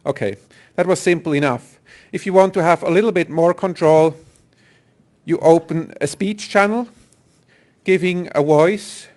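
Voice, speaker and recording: Guy presenting at a dev conference, kinda high voice, explains stuff with ums and restarts. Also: a little slow, pauses often, a little mellow. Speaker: software engineer presenter.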